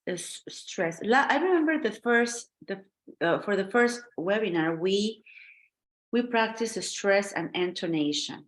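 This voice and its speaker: A woman teaching an online English class, encouraging her students and checking in with them often. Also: on the low side.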